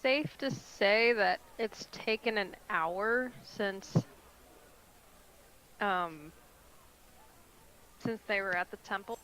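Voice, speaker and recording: A woman's voice: mid-range voice, very slow, pauses often, fairly bright tone, slight background noise, poor audio. A woman playing a tabletop game, speaking hesitantly with many fillers as she asks about rules and plans. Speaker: player. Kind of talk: tabletop role-play.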